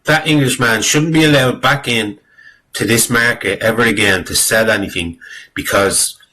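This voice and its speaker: A man's voice: medium pitch, moderate pace, bright, forceful tone, rough recording. A man giving rambling, exasperated spoken commentary on a clip, swearing freely and using lots of fillers. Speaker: video commentator.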